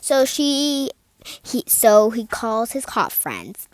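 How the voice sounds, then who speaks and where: Slow, rambling young female storyteller. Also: on the high side, big pitch swings, no echo, poor audio. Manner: rambling, many fillers and restarts. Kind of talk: casual improvised storytelling.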